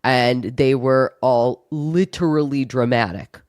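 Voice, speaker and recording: A woman's voice: very deep voice, a little mellow, dry recording, studio quality. A woman guest on a film podcast, talking frankly and firmly in casual chat. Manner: frank, opinionated, quick asides.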